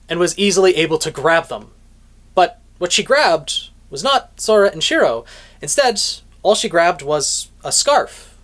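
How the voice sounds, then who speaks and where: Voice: medium pitch, a bit bright. Dramatic storytelling book reviewer. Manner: dramatic storytelling retelling, with offhand asides. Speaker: light novel reviewer. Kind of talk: plot recap with commentary.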